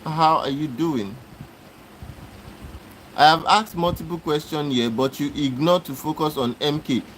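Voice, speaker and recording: A man's voice: fairly high pitch, a little slow, a bit bright, slight background noise, poor audio. A man hosting a live stream, arguing with commenters in a repetitive, exasperated lecturing way. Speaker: livestream host. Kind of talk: live-stream talk answering chat comments.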